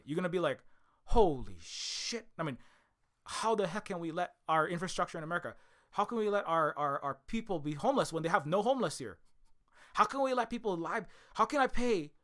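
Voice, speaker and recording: In a casual monologue, a young adult video creator from Hawaii rambles emphatically, cursing a lot and starting sentences over. His fast voice sits high, fairly bright and expressive.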